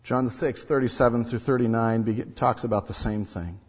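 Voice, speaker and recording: A man preaching a sermon as pastor, reading scripture aloud and repeating key phrases, swinging from quiet to loud. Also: medium pitch, normal speed, hardly any pauses, slightly rough. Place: church sanctuary. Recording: long reverb, dull lo-fi sound.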